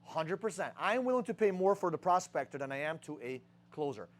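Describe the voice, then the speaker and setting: Young male sales leader, high voice, brash and profane, fires off rhetorical questions at his team. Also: animated, a little fast. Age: young adult. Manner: rhetorical questions, heavy swearing. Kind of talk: profane motivational sales talk.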